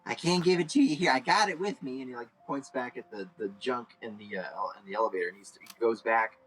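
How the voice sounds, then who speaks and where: Over poor audio, a male game master runs and narrates a tabletop role-playing game fast, his voice carrying a breathy edge. He rambles with plenty of fillers and suddenly shouts out high-pitched character voices.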